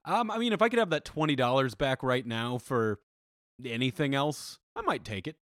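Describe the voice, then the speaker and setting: A young man co-hosting a casual chat podcast, jokey and quick to laugh. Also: medium pitch, expressive, fairly bright tone, no room sound, studio quality. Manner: jokey, does mock impressions, laughs often. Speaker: podcast co-host.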